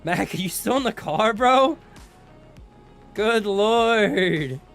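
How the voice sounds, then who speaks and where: A man's voice: high voice, animated, slow, a bit bright, faint music behind. A young man hosting a casual livestream chat, laid-back and slangy, greeting viewers and laughing often. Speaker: streamer host.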